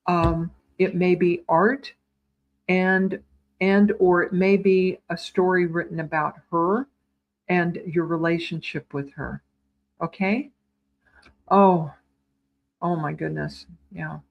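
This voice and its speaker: A woman giving live psychic readings, speaking in a tender, soothing way with gentle repetitions and small stumbles, calling viewers sweetheart. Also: lowish voice. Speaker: psychic medium.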